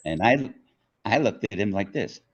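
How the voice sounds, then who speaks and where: A man's voice: lowish voice, lively intonation, breathy edge. An older man, telling a story from his childhood in an interview and acting out the voices in it. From New York. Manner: unhurried storyteller, acts out quotes. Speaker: author being interviewed. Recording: dull lo-fi audio.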